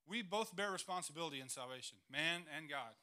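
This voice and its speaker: A man's voice: a little high, expressive, brisk, sharp tone, clear, resonant tone. A man, a church planter telling stories in a missions presentation, earnest and emotional, near tears at times.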